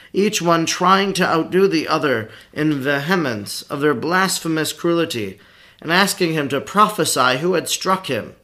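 A man narrates a devotional audiobook with a steady, formal read-aloud delivery. His voice sits somewhat high for a man. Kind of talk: scripted narration of a devotional text.

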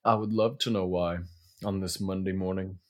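Easygoing american guy cohosting, lowish voice, short friendly answers. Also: moderate pace. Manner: relaxed, brief friendly replies. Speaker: podcast co-host. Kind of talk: casual chat.

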